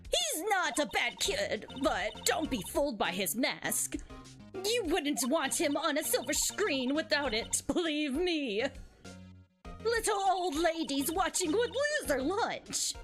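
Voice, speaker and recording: A woman's voice: sing-song, slow pace, a bit bright, soft background music, full character voice. A woman voicing a bossy, nosy old woman security guard in a mock British accent during a game let's play. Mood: scornful. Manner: scolding, shrill, grumbling.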